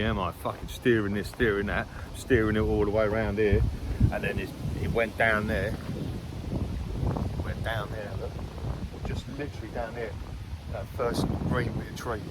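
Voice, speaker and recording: Low-voiced angler, swearing as he rambles. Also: very noisy. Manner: rambling, swears freely, laughs often. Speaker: angler vlogger. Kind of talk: casual chat to camera. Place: outdoors by a lake.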